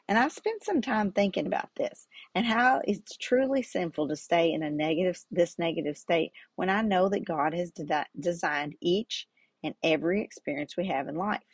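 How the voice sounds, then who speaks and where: Husky-voiced woman telling a faith story. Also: lowish voice, no echo. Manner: earnest, faith-centered, animated storytelling. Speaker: podcast host. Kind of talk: personal storytelling monologue.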